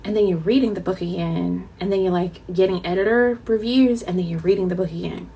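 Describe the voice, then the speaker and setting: A woman's voice: lowish voice, fairly quick, vocal fry, mellow, breathy edge, rough recording. A woman author chatting casually to her viewers with a light Southern twang, dramatic and talkative, calling them y'all.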